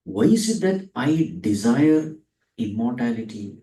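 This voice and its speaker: A man's voice: a little high, sing-song, mellow. A man giving a spiritual discourse, asking questions and answering them himself, lingering on Sanskrit words. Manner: asks and answers his own questions; dwells on Sanskrit terms, drawn out slowly. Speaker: spiritual teacher. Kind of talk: Vedanta discourse. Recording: echoey room, from a distance.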